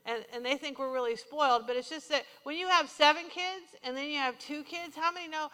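In a church sanctuary with big-room sound, a woman with a high-sitting voice preaches a sermon briskly. She tells personal stories in an animated way, acting out what people said to her and quoting herself and others.

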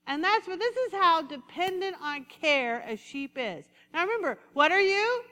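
Woman preacher, lively and conversational; high voice in a reverberant hall. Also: normal speed. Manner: animated, conversational preaching with acted-out asides. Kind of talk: sermon.

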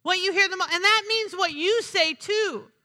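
A woman's voice: very high voice, normal speed, pushed and bright. A woman preaching a sermon in a church, emphatic, repeating her phrases and asking the congregation "Amen?". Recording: long hall reverb.

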